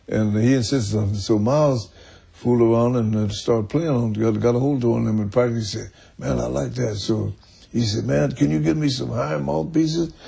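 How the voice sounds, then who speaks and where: An older man, the guest in an archive interview, tells stories in a mid-range voice that's creaky, warm, and husky. He rambles, chuckles along the way, and often restarts his sentences.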